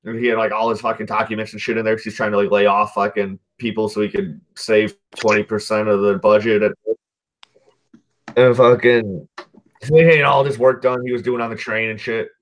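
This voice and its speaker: A man's voice: lowish voice, level tone, brisk. A man hosting a podcast, casually recapping a movie in a loose, profanity-laced ramble that keeps circling back to correct itself. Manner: loose, profanity-heavy, peppered with "dude" and "like"; rambling, often backtracks and corrects himself. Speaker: podcast host.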